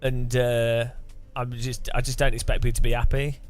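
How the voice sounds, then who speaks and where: A man's voice: medium pitch, little pitch movement, moderate pace, faint music behind. A man chatting casually on a live stream, rambling and musing with frequent restarts.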